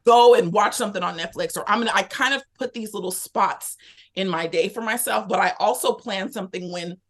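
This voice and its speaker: A woman, a podcast guest, telling a personal story in a candid, animated way, acting out her own thoughts as she goes. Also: mid-range voice, a little fast. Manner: animated, candid, lively retelling with quoted inner thoughts. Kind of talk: casual conversational storytelling.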